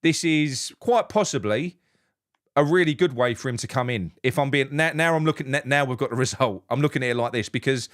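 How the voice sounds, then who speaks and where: Fan bloke hosting a live match reaction, swears a lot, gets loud and giddy, mid-pitched voice. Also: male voice, fairly quick, dry recording, studio quality. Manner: sweary, excitable, shouts with delight. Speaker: fan channel host.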